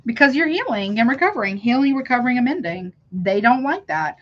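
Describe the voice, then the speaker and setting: A woman's voice: on the high side, very animated, a little fast, lo-fi sound. A woman giving a live tarot reading, talking casually to her viewers and calling them honey. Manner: chatty, calls viewers honey, self-interrupting. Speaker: tarot reader.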